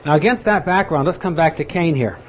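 A man's voice: a little high, brisk, slight background noise. A man teaching a Bible study, explaining patiently and now and then acting out the people he quotes. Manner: explanatory, acts out quoted speakers. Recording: dull lo-fi recording with faint ambience.

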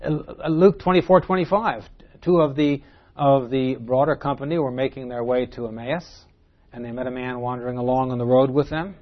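A man's voice: medium pitch, fairly even intonation, normal speed, phone-quality sound. A man teaching verse by verse through a Bible passage, earnest and emphatic, posing rhetorical questions to his listeners.

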